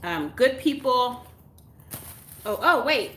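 A woman chats through an unboxing in a bright, fairly high voice, gasping and gushing over each item. She talks slowly and exclaims often, and the room around her sounds echoey. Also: lively intonation. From Texas. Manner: gushing, exclamatory, chatty, with gasps and laughs. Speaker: YouTuber unboxing mail. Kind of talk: casual live unboxing chat.

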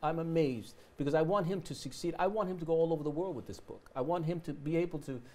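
A man's voice: fairly high pitch, quick pace, dark tone. A man speaking as a guest on a talk show, emotional and preacherly, who builds his points through repeated phrases. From Puerto Rico heritage. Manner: emotional, preacherly, repetitive rhetoric. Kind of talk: impassioned talk show remarks.

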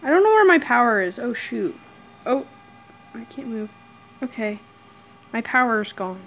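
A woman's voice: a little high, sing-song, unhurried, a bit bright, a little hiss or hum, rough recording. A woman playing a horror game and talking to herself, jumpy and nervous, squealing and giggling. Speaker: gamer. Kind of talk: horror game let's play commentary. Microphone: camera mic.

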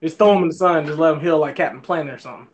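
A man co-hosting a casual film review chat, excitable and stumbling over repeated words. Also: fairly high pitch, racing, muffled recording.

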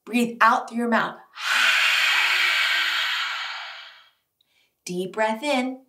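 A woman teaching children mindfulness, leading breathing exercises and movement with slow, soothing instructions and bits of sing-song. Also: fairly high pitch, bright, forceful tone, recorded from a distance, slight background noise. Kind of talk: gentle guided breathing and movement lesson for children. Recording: echoey room, voice a bit off-mic.

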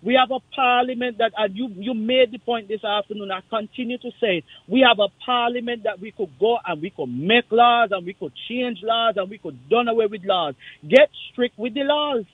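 High-voiced Kittitian man ranting by phone. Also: normal speed, breathy edge, no echo. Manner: impassioned, forceful, repetitive. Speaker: caller. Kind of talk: call-in radio rant. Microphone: phone line. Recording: tinny dry phone line.

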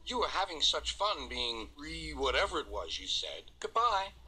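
A man's voice: a little high, big pitch swings, normal speed, pushed and bright, a little hiss or hum, pitched above the performer's own voice, exaggerated voice, rough recording. A man voicing a shrewd, dry-witted male tank engine in a storybook reading, teasing and firm.

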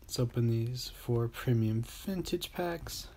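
Man, game channel host, casual pack-opening commentary, relaxed tone. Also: medium pitch, slow pace, slight background noise. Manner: relaxed, talking to himself while opening packs.

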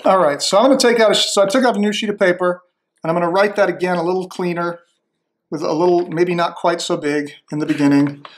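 A man muses tentatively to himself while he takes his time with a demonstration, frequently starting over as he goes. His voice sits high.

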